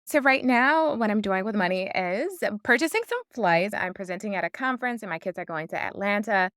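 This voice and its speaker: A woman's voice: mid-range voice, animated, brisk, fairly bright tone, clean tone, dry recording, clean studio sound. A woman who is a doctor co-hosting a podcast, speaking in an easygoing, conversational way. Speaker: podcast co-host. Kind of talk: casual podcast chat.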